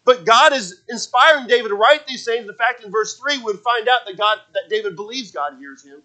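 High, bright-voiced man preaching. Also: animated, brisk, low-quality recording. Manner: conversational preaching, repeats words, acts out stories. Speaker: pastor. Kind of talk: sermon.

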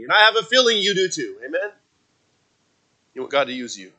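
A man preaching a sermon as pastor, telling a story with many restarts and fillers and acting out shouted voices. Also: a little high, sing-song, brisk, low-quality recording. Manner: acts out shouted voices in his stories. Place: church.

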